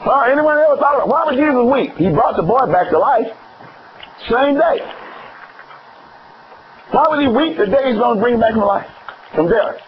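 A man preaching a sermon, asking the congregation questions and swinging between high exclamations and low emphatic words. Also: expressive, normal speed, pauses often. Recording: dull lo-fi recording with faint noise.

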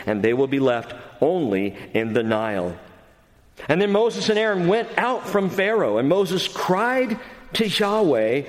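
A pastor preaching an expository sermon, earnest and emphatic, going from quiet passages to loud ones. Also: male voice, mid-range voice. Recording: long hall reverb.

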